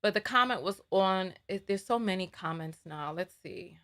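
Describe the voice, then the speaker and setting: A woman's voice: medium pitch, moderate pace, a bit bright. Fired-up woman hosting a live stream. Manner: heated, indignant, repeats herself. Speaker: livestream host.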